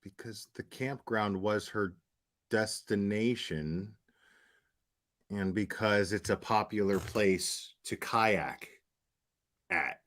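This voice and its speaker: A man's voice: lowish voice, slow pace, pauses often, a bit bright. A man hosting a stream, reacting to clips with sarcastic, profane commentary. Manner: sarcastic, mocking, swears a lot.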